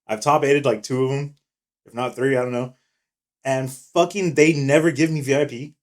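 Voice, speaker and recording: A young man with a medium-pitched voice speaks at a moderate pace while co-hosting a casual podcast. He chats and tells profane stories, swearing and acting out what others said in quoted voices.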